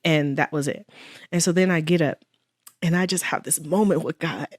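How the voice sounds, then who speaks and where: A woman's voice: low voice, moderate pace, no echo. A woman guest in an interview telling a personal story with earnest faith and quoted dialogue. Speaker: guest, widow.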